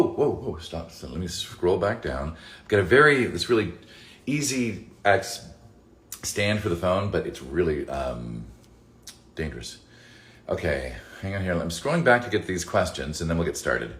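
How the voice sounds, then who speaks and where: A man's voice: low-pitched, wildly swooping pitch, moderate pace, fairly bright tone. A man hosting a casual livestream Q&A, reading fan messages aloud and rambling with plenty of swearing. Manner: rambling, profane, reads chat messages aloud. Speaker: voice actor answering fan questions. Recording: roomy echo, faint music.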